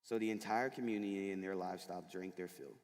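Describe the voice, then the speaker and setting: A man's voice: sits low, steady tone, quick pace. A man giving a sermon to middle school students in a school chapel, chatty and informal, full of fillers as he tells stories. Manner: casual, chatty storytelling with many fillers. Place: large school chapel hall. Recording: long echo of a large hall.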